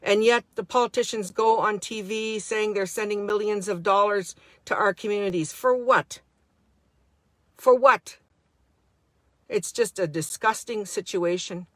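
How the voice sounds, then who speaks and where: A woman's voice: mid-range voice, steady tone, normal speed, few pauses, no echo. A middle-aged woman speaking an unscripted, heartfelt monologue to her handheld camera, indignant and repeating herself as she talks. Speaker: vlogger.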